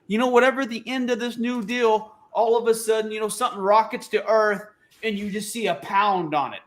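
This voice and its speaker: A man with a notably high voice riffs through casual podcast banter. He is opinionated, profane and animated, and he jumps from one take to the next. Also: brisk. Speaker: podcast co-host. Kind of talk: casual chat.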